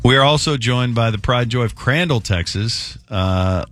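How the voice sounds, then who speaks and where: A man hosts a morning radio show from the studio, building hype as he introduces the crew. His voice sits at a middle pitch and he talks with easy banter. Soft music plays faintly underneath. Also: animated, normal speed.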